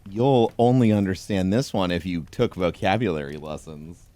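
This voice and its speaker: A man reading a pun book aloud in a dry, deadpan comedic tone, chuckling along. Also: sits low, normal speed. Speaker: comedy host.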